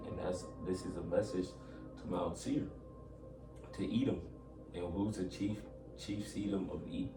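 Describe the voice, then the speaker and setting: A man teaching from scripture, reading old-style verses in a measured, solemn way and then explaining them. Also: sits low. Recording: echoey room, distant mic, music behind.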